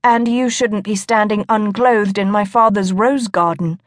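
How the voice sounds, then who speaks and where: A woman narrator voicing a poised, curious young noblewoman in an audiobook, in a proper, brisk manner. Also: mid-range voice, steady tone, no echo, clean studio sound, natural voice.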